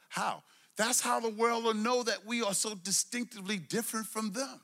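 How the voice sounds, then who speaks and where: A middle-aged man from Brooklyn, preaching a sermon with call-and-response, swinging between loud emphasis and low asides. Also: fairly even intonation, normal speed. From Brooklyn, New York. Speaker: pastor.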